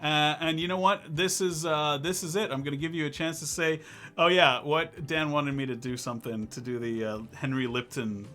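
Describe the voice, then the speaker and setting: Guy hosting his stream, high voice, super bright, rambles and jokes around a lot. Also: normal speed. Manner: rambling, excitable, jokey. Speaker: live stream talk show host. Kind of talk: casual live-stream chat.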